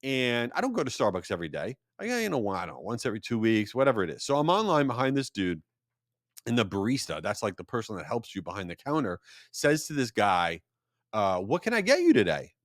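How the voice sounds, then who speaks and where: A man's voice: lowish voice, a little fast, dry recording. Guy hosting his own podcast, jokey and self-mocking, voice bouncing all over, super dry close mic. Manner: animated, jokey storytelling with self-deprecating asides. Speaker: podcast host. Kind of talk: solo podcast monologue.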